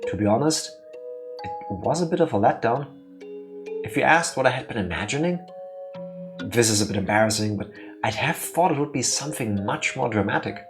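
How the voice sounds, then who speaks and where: Guy reading a visual novel out loud, playful bickering, average pitch, faint music behind. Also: animated, a little fast, long pauses. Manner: playful, bickering, mock-indignant. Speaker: let's play co-host. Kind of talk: casual chat and reading game text aloud.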